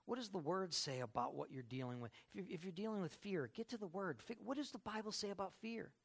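A man preaching with a gravelly, slightly high-set voice. He drives his points home with emphatic, climbing bursts of volume. Every sentence sounds like a sermon. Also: lively intonation, fast talker. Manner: emphatic, rising to loud bursts, acts out quoted people.

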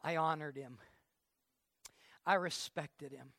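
Bright-voiced, conversational male preacher. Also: fairly high pitch, gravelly, dry recording, clean studio sound. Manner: conversational preaching with frequent halting repeats. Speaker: pastor. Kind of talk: sermon.

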